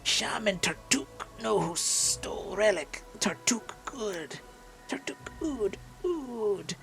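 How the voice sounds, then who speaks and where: A gamer voicing a small, proud male kobold chief who speaks in slow, broken phrases. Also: mid-range voice, expressive, gravelly, fairly bright tone, soft background music, pitched above the performer's own voice, heavily acted. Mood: boastful. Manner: broken grammar, slow and stubborn.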